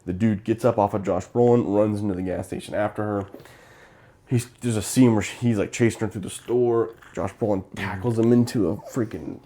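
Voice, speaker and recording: Low mellow-voiced young man recapping a film. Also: fairly even intonation, normal speed. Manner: rambling plot recap full of fillers, acting out characters' lines. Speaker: co-host of a movie review show. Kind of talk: casual chat retelling a film.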